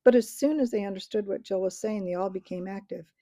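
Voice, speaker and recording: A woman reading a storybook aloud in a gentle, measured way. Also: mid-range voice, no room sound. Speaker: audiobook reader.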